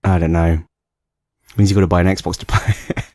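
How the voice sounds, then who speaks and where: A man with a London accent co-hosting a podcast in casual chat, animated and quick to laugh. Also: low-pitched, dry recording, clean studio sound. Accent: London English. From London, England. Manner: animated, laughs often, acts out voices. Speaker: podcast co-host.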